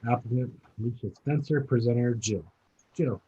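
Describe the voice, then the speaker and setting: A man's voice: medium pitch, normal speed, dark tone, lo-fi sound, slight background noise. A man chairing a city council meeting as mayor, calling votes and reading agenda items in a procedural way. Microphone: video call.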